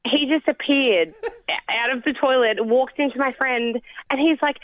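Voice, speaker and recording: A woman calls in to a radio show and tells an animated story. Her voice comes through a tinny, phone-like line. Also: fairly high pitch, moderate pace. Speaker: caller.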